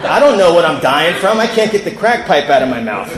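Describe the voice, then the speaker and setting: A man's voice: a little high, very animated, fairly quick, a crowd in the background. A man from California telling his recovery story to a convention audience, candid, with quoted voices acted out. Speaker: recovery speaker. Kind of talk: personal recovery talk at a convention. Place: large convention hall. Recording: echoey hall with long reverb.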